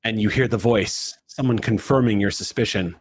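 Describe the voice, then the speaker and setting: A man's voice: fairly low pitch, moderate pace, husky. A man as game master, giving dramatic second-person narration for a tabletop role-play, shifting his pace from swift to drawn out.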